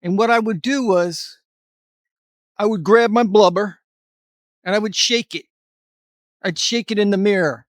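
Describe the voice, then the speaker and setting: A middle-aged fitness vlogger speaks to camera with motivational advice, unhurried and pausing often. His voice is rather high, his manner blunt and emphatic with a little mild cursing, and the room is dry with no echo.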